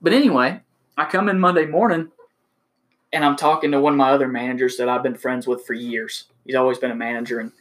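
A man's voice: mid-range voice, fast talker. A man casually telling a story about his job as a car salesman, swearing freely and acting out the people in it. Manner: animated, profane, acts out quotes loudly.

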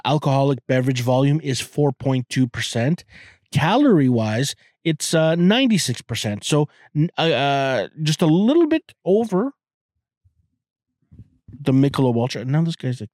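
A man's voice: mid-range voice, sing-song, normal speed, darkish tone, no room sound, clean studio sound. Rambling, cursing young man podcaster. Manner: rambling, profane, many restarts and fillers. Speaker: podcast host. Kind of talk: casual solo podcast talk.

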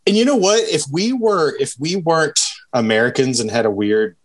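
A man's voice: a little high, lively intonation, normal speed. A young man co-hosting a podcast in casual chat, rambling and swearing freely as he talks. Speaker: podcast co-host.

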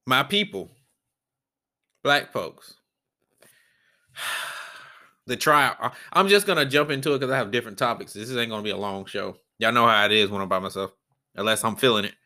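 A man's voice: mid-range voice, normal speed, long pauses, sharp tone. A man hosting a solo podcast, ranting off the cuff in a blunt, profane and rambling way, often stopping to restart his sentences. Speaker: podcast host. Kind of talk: unscripted solo podcast rant.

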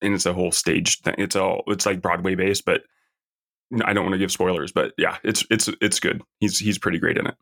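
A man's voice: low-pitched, level tone, a little fast, a bit bright. A man co-hosting a podcast, chatting casually and hesitantly with frequent ums. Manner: easygoing, hesitant with ums and restarts. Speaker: podcast co-host. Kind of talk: casual chat.

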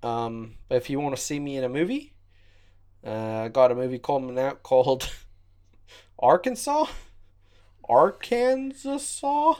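A man trading jokes on a comedy podcast. His deadpan delivery stops and starts, and his voice is mid-pitched. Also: smooth. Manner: halting and deadpan, many ums. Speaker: podcast guest. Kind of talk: improvised comedy chat.

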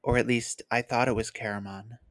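Reader doing frail sorcerer guy, soft calm voice, kinda low, dry sound. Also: brisk, no room sound, lightly acted. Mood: cold, calm. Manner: soft, quiet and gentle. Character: frail, bitter male mage, cold and calm. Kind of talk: read-aloud novel passage.

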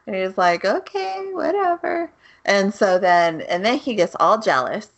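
A woman's voice: medium pitch, slow, fairly bright tone. A woman co-hosting a casual podcast chat, giggling as she retells scenes and quotes the characters. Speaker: podcast co-host.

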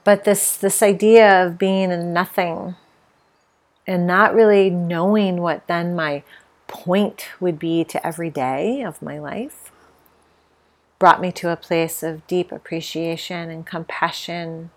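Candid woman speaking softly, low-pitched. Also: fairly even intonation, takes it slowly. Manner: candid, emotional, with many fillers. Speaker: podcast host. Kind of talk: reflective personal monologue.

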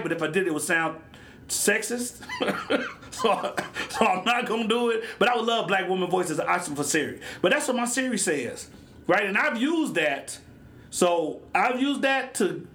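A man hosting a solo podcast, joking and hopping between topics and sidebars in a loose, animated way. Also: high-pitched. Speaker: podcast host. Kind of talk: casual solo podcast monologue.

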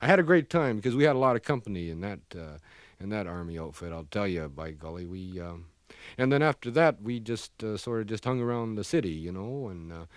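A slow, good-natured Canadian crab, voiced by a man in an old comedy record sketch, low-pitched and folksy with a Canadian accent. He keeps saying "eh?" and "by golly", and his lines sink low and quiet at the ends. The recording is dry and close. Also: animated, no room sound, natural voice.

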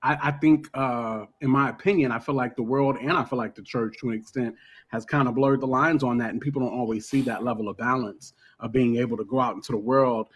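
A man's voice: mid-range voice, steady tone, brisk. A man hosting a casual podcast discussion, loose and filler-heavy, with playful throwaway asides. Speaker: podcast host.

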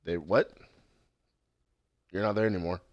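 A man with a lowish voice talks in a relaxed, profane way, trailing off into fillers. His voice is dry and close on a headset. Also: a little slow, no room sound, highs cut off. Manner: laid-back, profane, mumbling fillers. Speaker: friend on voice call. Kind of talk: casual chat over voice call.

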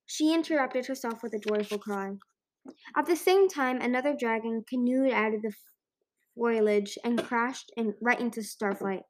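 A woman's voice: fairly high pitch, moderate pace, slight background noise. A woman narrating a children's fantasy book as an amateur audiobook reader, with frequent slips and restarts.

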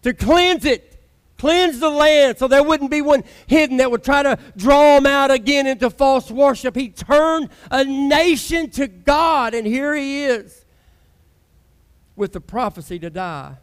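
A male pastor preaching a sermon in a conversational, emphatic style with dramatic pauses. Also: very high-pitched.

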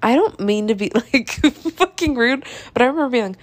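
A young woman hosting a podcast, telling a story in a casual, chatty monologue with swearing, sighs and laughs, exasperated and animated. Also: fairly high pitch, normal speed, no echo. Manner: animated, exasperated, drops to mutters. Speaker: podcast host.

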